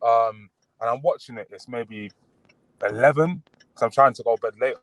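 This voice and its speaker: Man, casual podcast guest, relaxed, rambling, dry close sound, middle pitch. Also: moderate pace, dry recording, poor audio. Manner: relaxed, chatty, full of fillers and restarts. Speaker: boxer guest.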